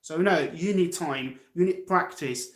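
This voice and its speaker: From his echoey home, a male English teacher with an Algerian accent streams a lesson live, encouraging viewers, going back over the same points, and answering chat. His native language is Algerian Arabic. His voice sits a little high for a man, and he speaks unhurriedly.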